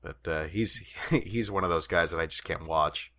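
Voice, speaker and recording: A man's voice: deep voice, normal speed, sharp tone. A man co-hosting a podcast in casual chat, a rambling storyteller who laughs often and swears casually. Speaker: podcast co-host.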